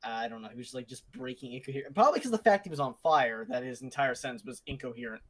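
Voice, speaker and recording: A man's voice: medium pitch, animated, quick pace. A young man co-hosting a podcast in casual, profane chat, often acting out what other people say. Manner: loose, profane banter with mock-quoted voices. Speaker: podcast co-host.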